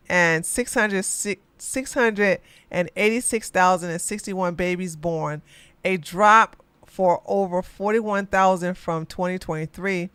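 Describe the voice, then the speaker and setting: A podcast host reading news headlines aloud and reacting with loud exclamations and asides. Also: mid-range voice, clear, resonant tone, no echo. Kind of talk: live news commentary.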